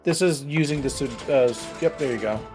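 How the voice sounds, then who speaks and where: A man's voice: a little high, brisk, a little mellow, soft background music. A man streaming a puzzle game in playful, teasing casual chat who laughs easily.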